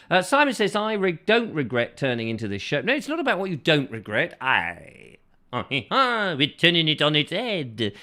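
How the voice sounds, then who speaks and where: A man hosts a chatty live show, his fairly high voice rising and falling in a lively way. He reads out viewer comments, rambles and jokes as he goes. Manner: playful and rambling, jokes and drifts into silly voices. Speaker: host.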